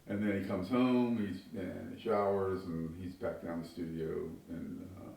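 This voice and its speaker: Low gravelly dude talking loose, correcting himself, far mic, big room echo. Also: male voice, fairly even intonation, measured pace, a little mellow. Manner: rambling, casual, self-correcting. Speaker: construction worker and Kenny's host parent. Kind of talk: documentary interview. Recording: very echoey room, distant mic.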